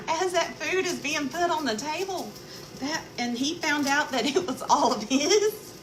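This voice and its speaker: A woman's voice: sits high, animated, a little slow. A woman, chatting casually with viewers while she cooks, telling stories and greeting people by name. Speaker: cooking vlogger. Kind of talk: casual live-stream chat while cooking. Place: home kitchen. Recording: noisy background.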